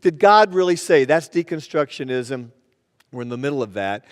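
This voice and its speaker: High-voiced pastor preaching in a reverberant church. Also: male voice, expressive, normal speed, smooth. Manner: storytelling, plays the joke with voices. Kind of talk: sermon. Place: church sanctuary. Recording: church sanctuary with long reverb.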